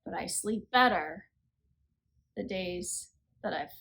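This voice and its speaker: A woman's voice: fairly low pitch, lively intonation, slow, creaky, fairly bright tone, slightly rough. A woman in her thirties hosting a faith podcast, talking in an earnest, conversational way and saying she is tired. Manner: earnest, conversational, self-deprecating. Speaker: podcast host. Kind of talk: reflective faith podcast talk.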